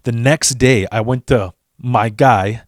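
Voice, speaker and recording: A man's voice: medium pitch, takes it slowly, no echo, studio quality. A man hosting his channel, telling a long comic story in a rambling way with constant swearing. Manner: profane, rambling, restarts. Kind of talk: comedic storytelling vlog.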